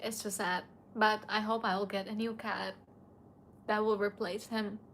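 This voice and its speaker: A woman's voice: medium pitch, level tone, normal speed, a bit bright, slight background noise. A young woman streaming late at night, a bit tipsy and emotional, tearfully answering her chat in casual talk.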